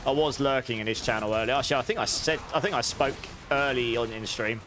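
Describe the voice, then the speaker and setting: A man's voice: mid-range voice, fast talker, noisy background. An English man chatting casually with his viewers during a live game stream, rambling and answering chat as he plays. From England.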